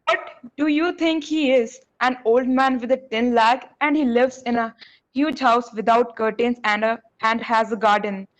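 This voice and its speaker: A woman's voice: fairly high pitch, fairly even intonation, measured pace, lightly acted. A young woman reading the part of a stubborn, curious teenage boy in a class reading.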